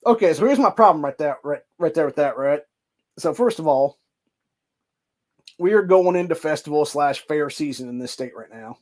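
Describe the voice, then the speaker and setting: Reading news stories on his show, an Ohio-accented podcast host keeps interrupting himself with heated, profane rants. His voice is on the high side and animated, with a darkish tone, delivered at normal speed.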